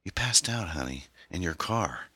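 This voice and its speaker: A man's voice: low voice, expressive, a little slow, bright, forceful tone, breathy edge, no echo, clean studio sound, voice pushed up, full character voice. A man voicing an anxious, loving wife at her husband's hospital bed, tender and fussing.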